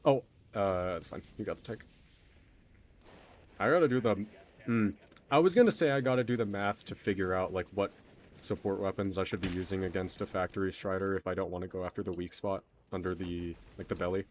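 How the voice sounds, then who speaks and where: A young man from Texas chatting casually while he streams a game. His voice sits a little low. He rambles, puts himself down and is quick to say sorry. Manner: rambling, self-deprecating, quick to apologize. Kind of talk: casual gaming stream chat.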